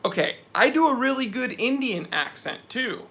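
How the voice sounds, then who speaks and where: A man's voice: extremely high pitch, animated, normal speed, vocal fry, sharp tone. A young man hosting a casual live stream, sweaty after a hike, talking with energy as he reads out viewers' chat messages.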